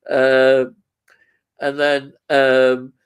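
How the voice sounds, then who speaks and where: A man's voice: mid-range voice, monotone, extremely slow, clear, resonant tone. A man co-hosting a casual live stream, reading out viewer comments with lots of ums and easy laughter.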